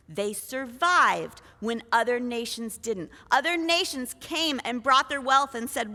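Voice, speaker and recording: A woman's voice: high voice, animated, slow, sharp tone, long reverb tail. A woman preacher retelling a scripture story in a conversational sermon, full of rhetorical questions. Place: church.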